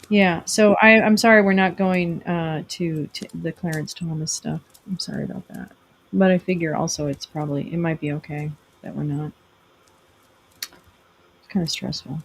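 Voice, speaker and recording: A woman's voice: on the low side, moderate pace, vocal fry, long pauses, slight background noise, low-quality recording. A middle-aged woman hosting a casual livestream, rambling and self-deprecating as she chats with viewers. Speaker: livestream host.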